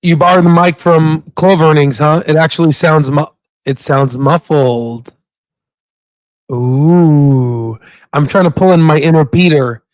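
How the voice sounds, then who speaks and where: A man's voice: fairly high pitch, measured pace, no echo, clean studio sound. A man hosting his own stock investing channel in a casual, chatty way, often repeating himself and laughing easily into a new desk microphone. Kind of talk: casual livestream chat.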